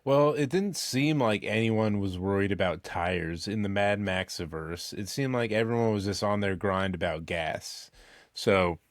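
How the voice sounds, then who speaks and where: A man co-hosting a comedy podcast, dropping dry, deadpan quips. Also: on the low side, a little slow, no room sound. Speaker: podcast co-host. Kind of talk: comedic casual chat.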